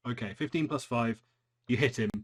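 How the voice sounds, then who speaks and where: A man's voice: mid-range voice, fairly quick, slightly rough. A man narrating as game master for a tabletop role-playing game, joking along with his players.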